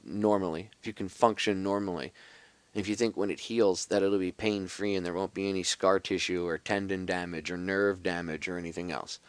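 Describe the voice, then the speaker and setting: A man's voice: low-pitched, steady tone, brisk, smooth, dry recording. A man talking casually and at length to his viewers, rambling with many restarts and a sarcastic edge. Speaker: video blogger. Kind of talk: casual explanatory monologue.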